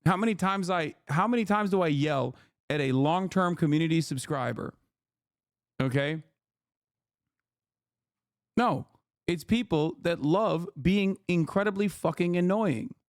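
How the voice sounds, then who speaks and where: A man's voice: on the high side, unhurried, pauses often, dry recording, studio quality. A man hosting a livestream, ranting at his chat in an exasperated, profane way and repeating phrases for emphasis. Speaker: livestream host. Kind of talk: heated unscripted rant to chat.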